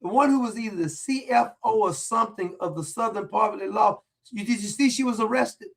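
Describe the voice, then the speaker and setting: A man with a high, gravelly voice rants through a commentary monologue. His delivery is combative and mocking, and he hammers the same points again and again. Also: a little fast, fairly bright tone. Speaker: political commentary host. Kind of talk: ranting monologue.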